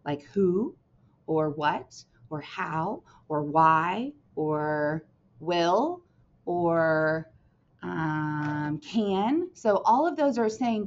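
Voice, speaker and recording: Animated woman teaching young children. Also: fairly low pitch, drawn-out words. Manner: animated, sing-song teacher voice with frequent "right?" and "okay?" checks. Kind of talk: recorded classroom lesson for young children. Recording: dull lo-fi recording.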